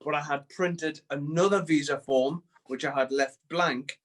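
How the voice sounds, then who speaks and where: This is a middle-aged man with a rather high voice for a man. He tells stories in a lively, chatty way and swears freely as an interview guest. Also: measured pace. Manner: animated, profane, swears freely. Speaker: band member guest. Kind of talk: casual storytelling.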